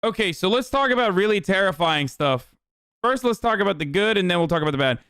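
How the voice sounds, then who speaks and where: A man's voice: high voice, animated, quick pace, a bit bright, clear, resonant tone, no echo, clean studio sound. A young man streaming political commentary, ranting bluntly with a lot of swearing and exasperation. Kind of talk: casual livestream commentary.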